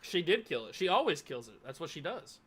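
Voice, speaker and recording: Reaction host, male, chatty and excitable, fairly high bright voice. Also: fairly quick, breathy edge. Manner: chatty, talks straight to viewers by name. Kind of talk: live watch-party reaction chat.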